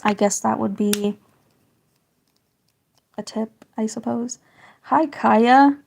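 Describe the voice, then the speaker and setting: Raspy-voiced woman in rambling livestream chat. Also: fairly high pitch, slow, darkish tone, slight background noise. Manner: rambling, chatty, hedging with "I suppose". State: slightly hoarse, getting sick. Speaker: livestreaming artist; parent.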